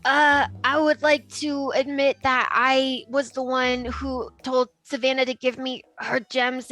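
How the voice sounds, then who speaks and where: A woman's voice: fairly high pitch, a bit bright, close to an everyday voice. A woman voicing a shy, apologetic young creature. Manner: halting, apologetic.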